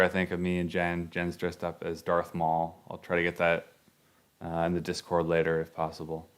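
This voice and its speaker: Deep-voiced man telling a story on air. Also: clear, resonant tone. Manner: rambling, conversational, many fillers. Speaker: radio show host. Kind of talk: casual storytelling monologue.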